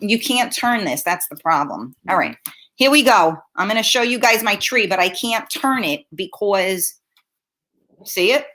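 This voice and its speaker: A woman's voice: mid-range voice, lively intonation, a little slow, sharp tone, a little hiss or hum. A woman hosting a casual livestream from home on her laptop mic, chatting bluntly with viewers and swearing freely. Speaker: livestream host. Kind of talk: casual live-stream chat reading comments.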